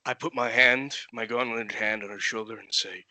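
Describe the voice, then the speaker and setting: A man playing a character in a tabletop game, speaking in a slow, measured way. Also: on the low side, steady tone, pushed and bright, no echo, low-quality recording. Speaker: player.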